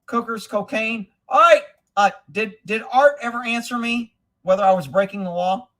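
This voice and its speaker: A middle-aged man hosts a casual livestream, joking bluntly and crudely while reading viewer comments out loud. His voice sits high and sounds pushed and bright, moving at a normal speed. It's profane, easygoing chat with his audience.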